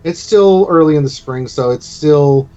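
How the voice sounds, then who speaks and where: A man's voice: on the high side, a little slow, dark tone, lo-fi sound. A man narrating as game master of a tabletop game, in a loose, rambling way.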